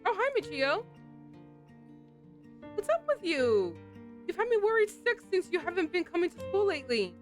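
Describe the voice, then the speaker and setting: Woman doing a high, eager schoolgirl. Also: very animated, normal speed, long pauses, faint music behind. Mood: cheerful. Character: cheerful, loyal high-school girl friend.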